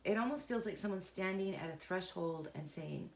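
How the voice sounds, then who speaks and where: A woman giving an unscripted, intuitive tarot reading, earnest and emotionally involved, talking in a halting, searching way with pauses and restarts. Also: on the low side, vocal fry, reverberant, a little hiss or hum. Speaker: tarot reader.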